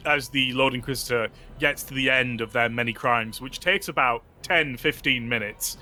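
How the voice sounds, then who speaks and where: A man's voice: mid-range voice, moderate pace, sharp tone, soft background music. A man running a tabletop role-playing game as game master, telling the scene in vivid, gory detail with casual fillers.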